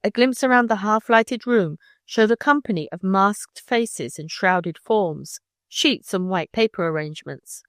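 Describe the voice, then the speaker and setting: Woman audiobook narrator, measured, expressive, mid pitch, dry close recording. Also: no echo. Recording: dry close studio sound.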